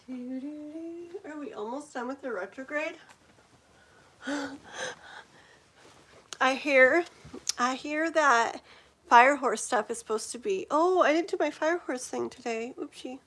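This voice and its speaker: A woman in her forties with a slightly high voice hosts a live tarot stream. She chats loosely and rambles, scattering fillers and giggles as she talks to her viewers. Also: normal speed, a bit bright. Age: 40s. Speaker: tarot reader hosting a livestream. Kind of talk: casual livestream chat.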